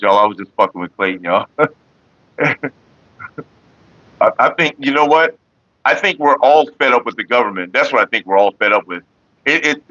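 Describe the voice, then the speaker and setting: A man's voice: lowish voice, bright, forceful tone, dry recording, highs cut off. A man hosting a casual livestream, talking bluntly and profanely straight to his viewers. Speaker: livestream host.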